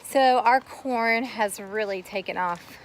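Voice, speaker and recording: Filming on a phone as she walks her backyard garden, a homestead vlogger gives a casual tour, rambling a little and slightly out of breath while chatting to her kids and dog. Her voice is on the high side and slow, with a bit of background noise outdoors.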